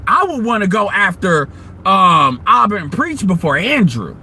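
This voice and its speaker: High-voiced man ranting bluntly. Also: sing-song, a little slow, bright, forceful tone, slight background noise. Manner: blunt, profane, heated ranting. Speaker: host of an online audio room. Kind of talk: casual ranting commentary.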